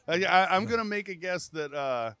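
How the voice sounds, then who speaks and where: A man with a slightly raised voice banters easily on a podcast, pausing and restarting as he talks. His microphone sound is dry and close. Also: sits high, clear, resonant tone, dry recording. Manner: relaxed, joking, hesitant. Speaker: podcast co-host. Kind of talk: casual chat. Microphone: studio microphone.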